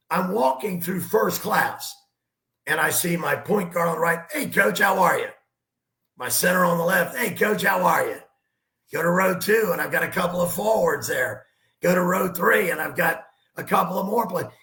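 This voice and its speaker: On a talk show, a basketball coach tells stories and gives emphatic sports analysis as an animated storyteller. His voice sits high with vocal fry, at a moderate pace, and the sound is reverberant.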